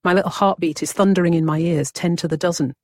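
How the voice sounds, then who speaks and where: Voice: mid-range voice, steady tone, fast, no room sound, clean studio sound. A narrator, reading a vivid, wry first-person story as scripted narration.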